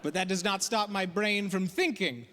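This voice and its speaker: A man from the prairies doing stand-up, his voice high and bright. His storytelling swings widely, acting out every character. A long hall reverb trails his voice over faint noise. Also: normal speed. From Canadian prairies. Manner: animated storytelling, acts out characters. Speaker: stand-up comic. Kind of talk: stand-up comedy.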